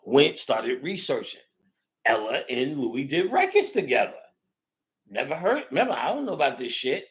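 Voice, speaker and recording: A man hosting a casual chat, telling a story in an excitable, profane way, swinging between loud bursts and hushed asides. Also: mid-range voice, moderate pace. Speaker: podcast host.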